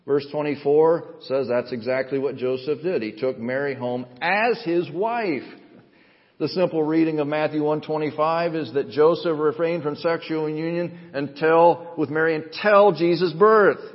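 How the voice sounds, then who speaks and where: Man preaching in an echoing sanctuary. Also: a little high. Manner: measured, earnest preaching with emphatic rises. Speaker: pastor. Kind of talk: sermon with scripture reading. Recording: dull sound with long hall reverb.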